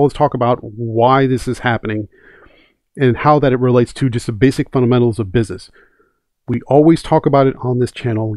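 A man's voice: medium pitch, mellow, dry recording. Emphatic male comics commentary host, dry sound. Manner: opinionated, emphatic, repeats key points. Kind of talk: casual commentary.

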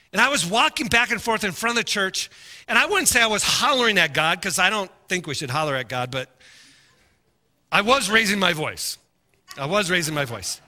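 A middle-aged male pastor preaching a sermon, telling stories and moving between quiet asides and impassioned shouting. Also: a little high. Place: large church sanctuary. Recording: long hall reverb.

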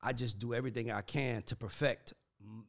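A man's voice: mid-range voice, a little fast. A man hosting a casual chat, talking in a loose, profane and slangy way with lots of "like" and "dog". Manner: animated, profane, slangy storytelling with frequent "like" and "dog". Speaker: podcast host and manager of writers and producers.

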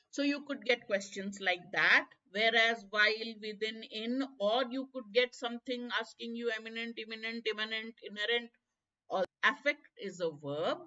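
A woman with an Indian English accent leads a live exam-prep lesson, dropping in Hindi asides as she works through each question. Her voice is bright and slightly high. The stream sound is dull and lo-fi. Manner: explains step by step, code-switching into Hindi. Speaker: teacher.

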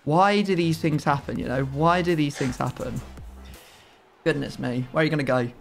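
A man giving excitable, playfully outraged commentary while playing a football video game. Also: a little high, normal speed, vocal fry, soft background music. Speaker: gaming YouTuber.

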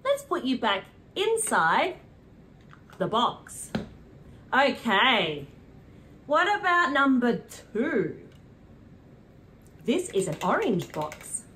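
A young woman with a British accent, presenting a preschool lesson in a slow, sing-song, animated way, with gasps and cheers. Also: fairly high pitch, slight background noise. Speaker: children's presenter. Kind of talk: preschool teaching.

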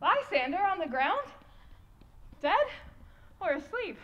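A woman's voice: very high-pitched, big pitch swings, slow, sharp tone, highs cut off, full character voice. A woman playing a lovelorn, desperate young woman in a live stage Shakespeare performance, laughing breathlessly through her hurt.

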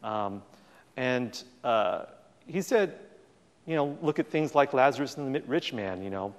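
Animated male speaker in a reverberant hall. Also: medium pitch, a little slow. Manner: animated storytelling, acts out quoted dialogue. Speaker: guest speaker. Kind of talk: public talk with audience Q&A.

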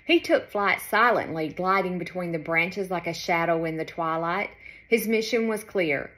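A woman author reading her children's storybook aloud in an expressive, lilting way. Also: fairly low pitch, moderate pace.

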